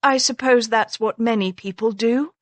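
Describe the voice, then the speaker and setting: A woman voicing a sharp-tongued aristocratic Regency wife, crisp, haughty and argumentative, in an audiobook. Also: a little high, moderate pace, no echo, natural voice.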